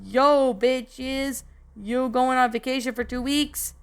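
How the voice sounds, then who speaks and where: A woman voicing a rude, streetwise boy who talks loud and brash. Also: sits high, fairly even intonation, slow, clear, resonant tone.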